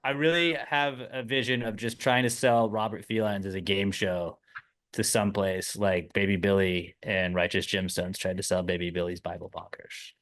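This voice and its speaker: A man in his thirties co-hosting a podcast, rambling casually, swearing, and speeding up in animated bursts. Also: low-pitched, normal speed. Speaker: podcast co-host. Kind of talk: casual chat.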